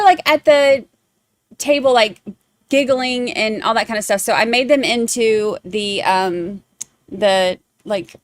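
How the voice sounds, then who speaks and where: A woman's voice: on the high side, no room sound. Chatty woman, dry close mic. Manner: chatty, rambling, lots of fillers. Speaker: true crime podcast host. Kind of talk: casual chat.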